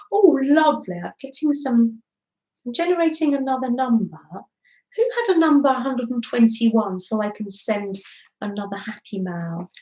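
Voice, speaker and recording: This is a middle-aged woman with a fairly high voice hosting a craft live stream, casually chatting, reading viewers' comments and giving them warm greetings. The setting is a craft desk indoors; the room echoes and the highs are cut off.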